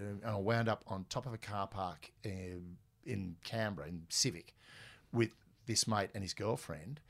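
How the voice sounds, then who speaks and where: A middle-aged man, a guest telling animated stories in a conversation. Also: fairly low pitch, unhurried, creaky. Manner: animated, lively anecdotes with quoted dialogue. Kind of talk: storytelling in a conversational interview.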